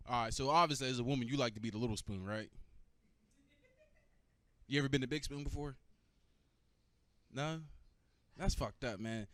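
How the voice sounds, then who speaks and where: A young man doing stand-up comedy, profane and animated, bantering with the audience. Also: medium pitch.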